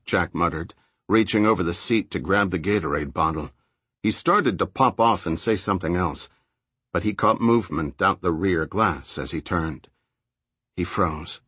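A man reading a thriller audiobook in a steady, low-key scripted narration. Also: moderate pace, husky, no echo.

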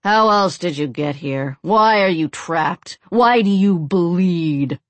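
A woman's voice: lowish voice, expressive, slow, no room sound. A woman doing a menacing cult leader man. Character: sinister older man leading a cult ritual.

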